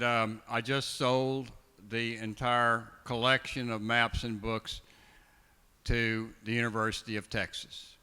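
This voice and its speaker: An older man on a panel, a collector telling stories in a slow, wry, unhurried way. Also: medium pitch, bright, forceful tone, clean tone. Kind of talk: storytelling on a panel. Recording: long hall reverb.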